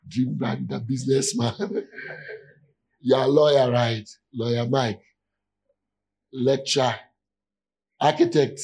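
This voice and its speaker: A man's voice: medium pitch, fairly even intonation, slow pace, long pauses, a little mellow, husky, rough recording. A man preaching as a pastor in a conversational sermon, often checking in with his listeners to see if they follow.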